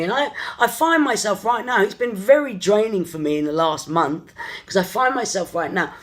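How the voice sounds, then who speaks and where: Spiritual coach type rambling openly to camera, stops and restarts a lot, mid pitch. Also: lively intonation, a bit bright. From London, England. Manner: earnest, searching, thinks aloud in halting phrases. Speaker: energy therapist and spiritual coach. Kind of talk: personal confessional vlog.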